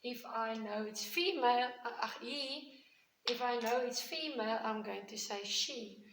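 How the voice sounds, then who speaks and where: A woman's voice: on the high side, a little slow, echoey room, noisy background. A woman, a primary school teacher patiently explaining grammar to young children with repeated examples. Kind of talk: recorded grammar lesson for children.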